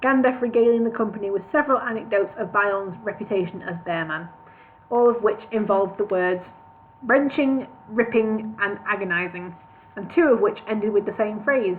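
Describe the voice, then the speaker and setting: A woman's voice: medium pitch, moderate pace. A woman reading a storybook aloud on a live stream, often correcting herself and apologizing. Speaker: reader. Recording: tinny lo-fi livestream audio, faint noise.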